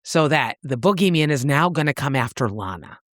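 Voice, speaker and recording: A woman co-hosting a book podcast, recapping the plot in an animated, casual way and swearing freely. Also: very deep voice, a little fast, no echo, clean studio sound. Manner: animated storyteller, swears freely, acts out quotes. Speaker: podcast co-host recapping a novel. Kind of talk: casual book-club chat.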